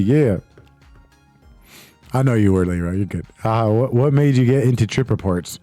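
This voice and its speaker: Streaming from home, this young host keeps things laid-back and loose, swearing often and reading out chat messages. He speaks on the low side at a moderate pace, pausing often, in a warm tone. Soft background music plays with no echo.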